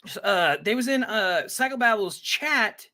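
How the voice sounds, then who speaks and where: A man's voice: high voice, lively intonation, unhurried, bright, forceful tone. A man hosting a casual live reaction stream, chatting with viewers and greeting them by name, rambling with frequent self-interruptions. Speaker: livestream reaction host.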